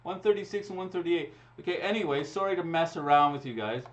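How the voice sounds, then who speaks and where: A man with a fast, rather high voice hosts a live raffle, chatting casually and laughing as he talks through every draw into a computer mic. The stream audio is dull and lo-fi.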